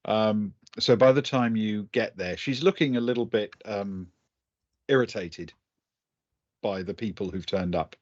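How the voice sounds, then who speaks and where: A man's voice: lowish voice, a little slow. A man narrating a tabletop game as game master, hesitant and full of ums and restarts. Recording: dull lo-fi audio.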